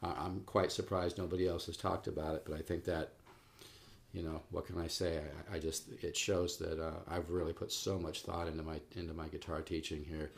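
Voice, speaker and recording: A man giving a relaxed, encouraging guitar lesson on video, talking straight to his viewers. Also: low voice, brisk, creaky. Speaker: guitar teacher. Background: guitar playing.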